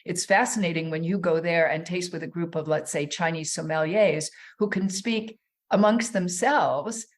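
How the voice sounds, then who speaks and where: A woman's voice: on the low side, moderate pace. A woman guest on a wine podcast, talking thoughtfully with many fillers and restarts. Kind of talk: casual podcast interview.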